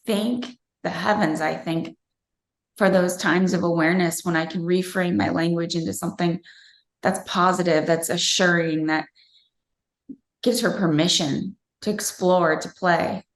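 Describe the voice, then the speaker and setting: A woman in her thirties recounts a personal moment in an unhurried, earnest and reflective way. Her voice has a gravelly, creaky edge. The sound carries a noticeable roomy echo. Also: on the low side, fairly even intonation. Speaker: interviewee. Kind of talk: personal storytelling.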